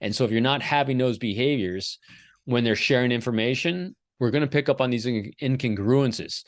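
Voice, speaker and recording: A middle-aged man speaks as a podcast guest, telling lively stories from his home office. He acts out quoted lines as he explains. The sound is dry and close, with a medium-pitched voice. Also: moderate pace, no echo. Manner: animated storyteller, acts out quotes. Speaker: podcast guest, behavior expert. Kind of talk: conversational storytelling interview.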